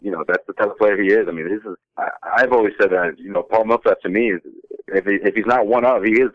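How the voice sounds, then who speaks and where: A man with a low voice talks fast about sports and rambles with plenty of fillers. His audio sounds dull and lo-fi, and it is dry. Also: no room sound. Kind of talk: casual sports talk.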